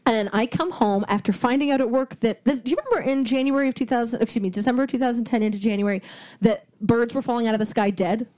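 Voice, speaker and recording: A woman in her thirties telling a long story in casual chat, animated and swearing freely, acting out what people said. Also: a little high, fast.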